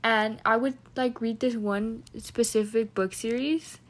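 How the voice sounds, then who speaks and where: A woman's voice: fairly high pitch, steady tone, unhurried. A teenage girl chatting casually with a friend in a giggly, rambling, slangy way. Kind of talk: casual chat between friends.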